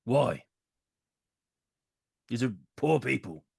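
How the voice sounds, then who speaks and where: A man's voice: mid-range voice, animated, very slow, creaky, a little mellow, slightly rough, no echo, clean studio sound. A man playing a tabletop role-playing game, questioning sternly in character. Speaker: player.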